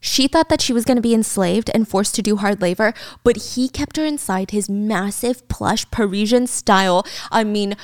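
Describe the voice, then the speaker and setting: Animated woman recapping a book. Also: on the high side, no room sound, studio quality. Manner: animated storyteller, slips into character quotes. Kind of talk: casual book recap chat.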